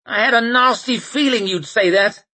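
A man's voice: extremely high pitch, normal speed, pushed and bright, pitched above the performer's own voice, heavily acted. A man voicing a nervous, fretful man out of his depth, exclaiming in panic. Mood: panicky.

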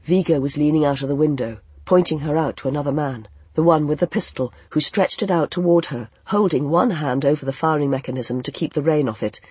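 A man with a slightly husky, somewhat higher voice narrates a story aloud. His reading is measured and vivid, recorded close and dry with no room sound. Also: darkish tone, dry recording. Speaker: audiobook narrator. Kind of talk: scripted narration.

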